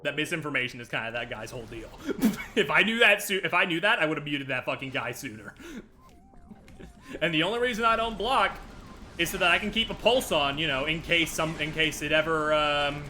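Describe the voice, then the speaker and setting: A man's voice: fairly high pitch, expressive, brisk, sharp tone, slight background noise. A man streaming a video game, ranting casually with lots of laughter and swearing. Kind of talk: casual gameplay stream commentary.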